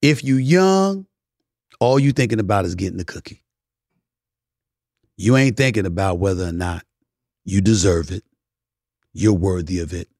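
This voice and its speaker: A man hosting a podcast in a casual monologue, emphatic, swinging between loud preaching and low murmurs, now and then singing bits of old soul songs. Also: expressive, normal speed, pauses often, no room sound, clean studio sound. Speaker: podcast host.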